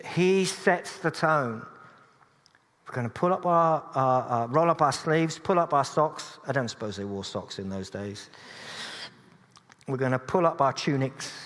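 A man preaching to his congregation, earnest and steady at a middling pitch, slipping in dry jokes at his own expense. His voice rings out into a church with a long, lingering reverb. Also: a little slow, long pauses. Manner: earnest, with dry humorous asides. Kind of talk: sermon.

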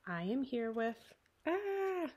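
A woman's voice: medium pitch, normal speed, vocal fry, darkish tone, breathy edge. Woman reading Zogby, a big earnest bear. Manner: sung and spoken storybook voice, earnest. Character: big hairy hopeful male bear cub-grown delivery bear.

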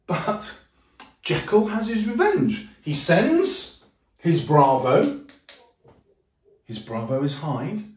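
A man teaches in a bouncy, animated voice that sits a little high and climbs and falls all the time. He jokes and slips into quick funny voices as he explains. He sounds a step away from the mic, and the room around him rings. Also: reverberant, distant mic. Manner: animated, jokey, acts out quotes in funny voices. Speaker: English teacher. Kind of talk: lively lesson with acted-out voices.

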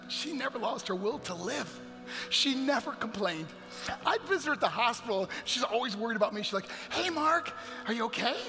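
Speaking very high, with a creaky, animated delivery at a fairly quick clip, a man addresses a church sanctuary as a guest speaker. His talk is earnest, emotional, and motivational, heard through long hall reverb with faint music.

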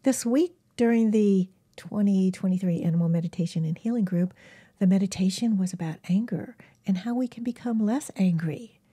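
Soft, breathy woman giving gentle advice. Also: mid-range voice, normal speed. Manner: gentle, often drops to a soft whisper. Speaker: animal communicator and healer. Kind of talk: casual self-help talk to camera.

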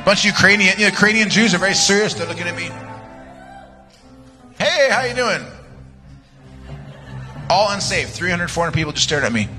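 Bright-voiced joking guest preacher. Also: male voice, high voice, rapid-fire, hardly any pauses. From United States. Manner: playful, rambling, laughs at his own jokes. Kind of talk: joking sermon with personal stories. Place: large church sanctuary. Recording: long church-hall reverb with music.

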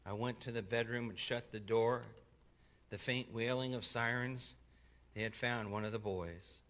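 At a church service, a man with a mid-range voice reads a first-person story aloud with expression. He slows down and turns soft at grave moments, sometimes stumbling and correcting himself.

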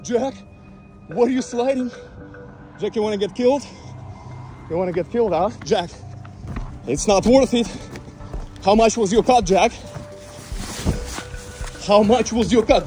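A man with a very high voice yells taunts mid-chase. He repeats the same name over and over, panting as he runs. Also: unhurried, pauses often, soft background music. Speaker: scambaiter confronting a scammer. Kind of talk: shouted taunting during a chase.

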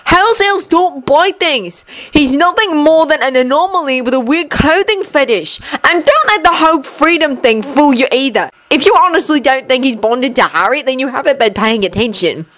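A woman's voice: sits high, expressive, normal speed, hardly any pauses, fairly bright tone, pitched above the performer's own voice. A woman voicing a stubborn teenage boy who argues bluntly and sarcastically. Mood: insistent.

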